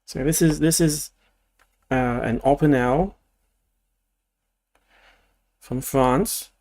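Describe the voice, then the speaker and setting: A man's voice: medium pitch, very slow, darkish tone. A young adult man from Australia, chatting casually on a livestream, rambling and thinking aloud with lots of restarts. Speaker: streamer. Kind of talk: casual livestream chat while building.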